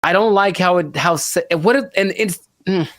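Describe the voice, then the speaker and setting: A man co-hosting a podcast, chatting casually in an animated, rambling way with lots of exclamations. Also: high-pitched, normal speed, no room sound. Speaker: podcast co-host. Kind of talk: casual chat.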